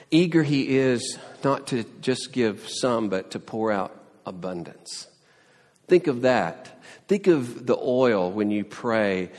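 In a big-sounding room, a man with a lowish voice preaches in an earnest, conversational manner. He frequently restarts and quotes prayers and scripture throughout the sermon.

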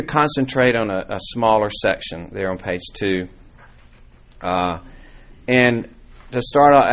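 A man with a fairly low voice leads a church Bible class. His talk is casual and meandering, full of restarts and fillers. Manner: conversational, rambling with restarts and fillers. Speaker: church teacher. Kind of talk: informal Bible class teaching.

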